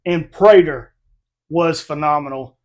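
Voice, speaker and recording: A middle-aged man hosting a casual review chat, animated and quick to laugh as he retells scenes. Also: a little high. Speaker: reviewer, channel host.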